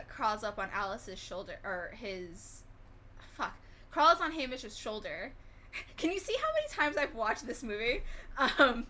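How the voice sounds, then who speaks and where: Woman streamer, rambling casual storyteller, bright and a touch high. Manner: rambling, retells a movie with quick acted quotes and laughs. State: sleepy. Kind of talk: casual gaming stream chat.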